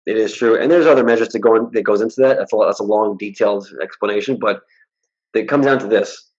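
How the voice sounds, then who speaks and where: On the low side and speaking fast, a hypnotist guest is caught in lo-fi audio during a casual interview. He's outspoken, animatedly acting out what other people said.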